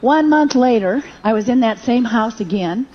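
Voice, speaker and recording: Woman preacher, high voice, emotional sermon storytelling, dull lo-fi recording. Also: expressive, moderate pace. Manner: emotional storytelling, rising to fervent prayer. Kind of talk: sermon testimony.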